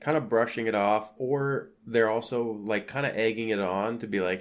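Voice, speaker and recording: A man's voice: on the low side, fairly even intonation, brisk, hardly any pauses. A man co-hosting a podcast, chatting about a film in a laid-back, rambling way with lots of filler words. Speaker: podcast co-host. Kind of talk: casual film discussion.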